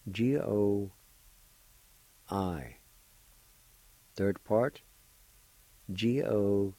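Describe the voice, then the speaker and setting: Slow, low-voiced man teaching pronunciation. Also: dark tone, no room sound, rough recording. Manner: patient, spells syllables letter by letter. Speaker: language teacher on radio. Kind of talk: slow spelled-out pronunciation lesson.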